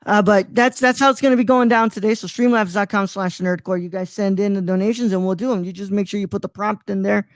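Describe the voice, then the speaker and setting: A man's voice: sits high, steady tone, fast, few pauses, dry recording. Man, twenties, from Mexico, live-stream host, rambling, filler-heavy, dry close sound. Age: 20s. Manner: rambling, filler-heavy, stumbles over names. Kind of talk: casual live-stream chat.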